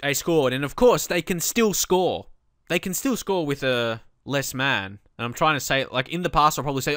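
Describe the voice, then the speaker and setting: A man hosting a football game let's play, his voice bright and clear, slightly high for a man. He talks through tactics at an easy pace, then bursts out yelling at his defence when things go wrong. The sound is dry and close. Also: normal speed, dry recording. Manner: excitable, shouts at the game, then calm explaining. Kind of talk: video game commentary.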